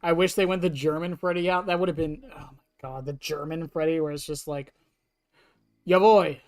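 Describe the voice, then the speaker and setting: Casual live streamer, jokey and laughing, voice a bit cracked, soft game music underneath. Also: medium pitch, level tone, fast, no echo, clean studio sound. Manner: laughs often, joking with chat. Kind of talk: live-stream gaming commentary.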